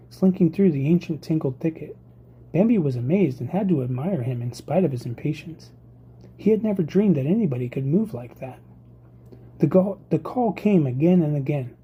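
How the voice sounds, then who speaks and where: A reader narrating a classic novel chapter as an audiobook, with a steady storytelling delivery. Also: medium pitch, slightly rough, muffled recording. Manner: steady storytelling read, occasional slips. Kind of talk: scripted narration.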